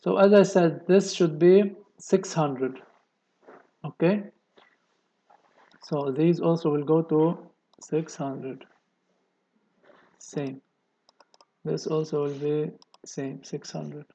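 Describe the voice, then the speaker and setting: A man's voice: fairly high pitch, fairly even intonation, dark tone, muffled recording. A man with a delivery, explaining a technical drawing step by step in a screen-recorded tutorial. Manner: slow, step-by-step explaining with many okays. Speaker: engineering tutorial presenter.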